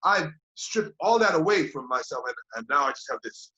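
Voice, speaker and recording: Heard on a dull, lo-fi podcast, this yoga teacher guest has a voice on the high side and talks at normal speed. He rambles in a relaxed, reflective, repetitive way, keeps asking "you know what I mean," and performs his past thinking in lively quoted voices.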